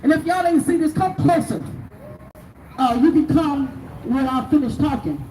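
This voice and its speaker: A woman's voice: sits high, normal speed, dark tone, distant mic. Woman, middle-aged, angry protest speech, outdoors, echoey, noisy street. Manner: angry, raw, preaching to the crowd. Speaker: bereaved mother speaking at a protest. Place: outdoors at a protest by city hall.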